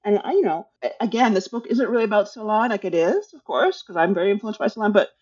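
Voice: medium pitch, lively intonation, fast, darkish tone. Hesitant author thinking aloud, lo-fi. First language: English. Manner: hesitant, many restarts and fillers. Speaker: author discussing their book. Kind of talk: casual conversation, thinking aloud.

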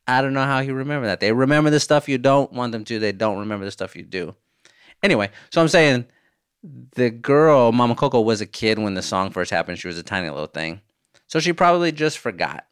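A man's voice: medium pitch, fairly quick, clean tone, no echo, clean studio sound. Laid-back man telling funny stories. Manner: animated storytelling, swears, laughs often. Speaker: podcast host. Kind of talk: casual podcast chat answering listener voicemails.

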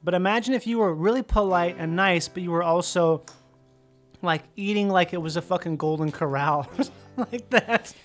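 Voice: medium pitch, a little fast. Casual comedic storyteller, rambling, swears freely, laughs a lot, mid-range voice, faint guitar music behind.

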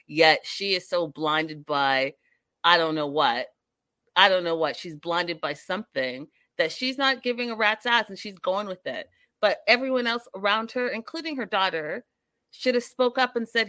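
A woman talks in a sassy, exasperated way, repeating her points for emphasis. Her voice sits a little low and sounds close and dry. She reads viewer chat and reacts in a loose, casual style. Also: animated, moderate pace, pushed and bright, no echo. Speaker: commentator reacting to a reality show. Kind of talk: casual live commentary reading chat.

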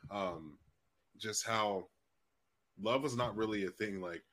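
A man's voice: lowish voice, slow pace, fairly bright tone. A man hosting an interview podcast, talking casually in loose, filler-heavy phrasing with some swearing. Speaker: podcast host.

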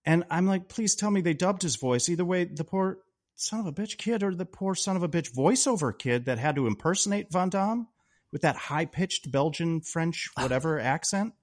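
A man co-hosting a podcast, chatting about a film in an excitable way and swearing freely. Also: on the high side, normal speed. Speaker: podcast co-host. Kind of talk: casual film chat.

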